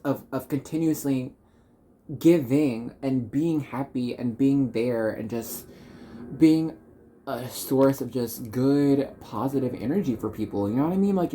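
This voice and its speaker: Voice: medium pitch, mellow, slight background noise. Chatty, encouraging tarot reader. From Dallas, Texas. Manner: chatty and encouraging, rambling with many fillers. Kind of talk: tarot reading for viewers.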